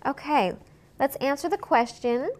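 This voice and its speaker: A woman teaching a recorded Spanish lesson. She models short phrases clearly for repetition and explains them in English. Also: sits high, measured pace.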